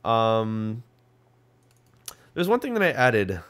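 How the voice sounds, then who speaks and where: A man's voice: lowish voice, very animated, slow pace, fairly bright tone, smooth. A young man hosting a podcast, chatting casually about gaming news with lots of ums and restarts. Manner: rambling, full of ums and restarts. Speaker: podcast host.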